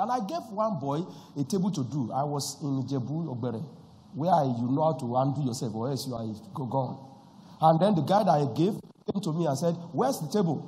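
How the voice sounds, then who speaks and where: Male pastor, high animated voice, swings from hushed story to shouting, long church hall reverb. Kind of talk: sermon with personal story.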